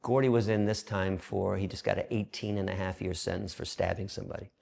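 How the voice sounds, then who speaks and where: A man in his fifties telling stories as an interview guest, loose and profane. His voice sits low with a heavy gravelly rasp. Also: fast talker. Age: 50s. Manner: animated, profane storytelling with acted quotes. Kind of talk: storytelling in a conversational interview.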